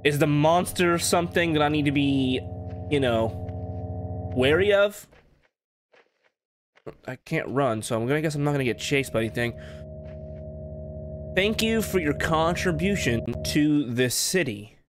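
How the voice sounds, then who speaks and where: Playing a horror game, a man commentates, talks to himself and yelps at the scares, jumpy throughout. His fairly high, expressive voice is unhurried with long pauses, over game music and a noisy background.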